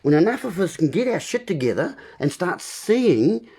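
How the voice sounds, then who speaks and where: Frustrated guy ranting to his viewers, husky voice, swings up and down a lot. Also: high-pitched, very animated, normal speed, warm tone. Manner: impassioned, emphatic wordplay ranting. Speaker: vlogger. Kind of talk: solo monologue to viewers.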